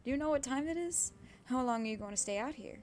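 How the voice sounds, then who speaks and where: Woman reading as a gently teasing young man. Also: high voice, animated, fast talker, slight background noise, pitched above the performer's own voice.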